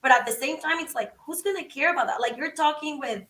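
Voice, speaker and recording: Woman, animated storyteller, bright, mic at a distance. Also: sits high, quick pace. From Venezuela. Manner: acts out both sides of conversations, exclaims. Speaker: podcast guest. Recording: roomy, from a distance.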